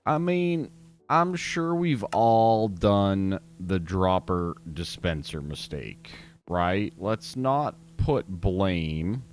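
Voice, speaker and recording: A man's voice: low-pitched, darkish tone. A man hosting a gaming video, giving casual gameplay commentary in a chatty, self-mocking way and talking straight to his viewers.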